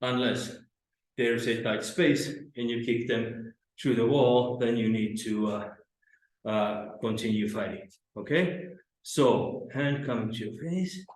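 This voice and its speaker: A man, teaching self-defense drills to camera in slow, halting instruction. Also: medium pitch. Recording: very echoey training room.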